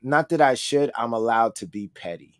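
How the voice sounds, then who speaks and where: A man's voice: medium pitch, normal speed, background noise. A man co-hosting a live-streamed talk show, chatting in a laid-back way full of casual slang. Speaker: co-host.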